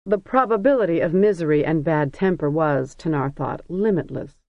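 An audiobook narrator reading a novel in a measured, even storytelling manner. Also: mid-range voice, no room sound, lo-fi sound. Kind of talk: scripted narration.

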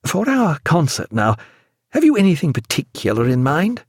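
A man's voice: on the high side, wildly swooping pitch, moderate pace, slightly rough, no echo, pitched above the performer's own voice, exaggerated voice. A man voicing a reserved ship's doctor who speaks in a dry, understated, politely unimpressed way.

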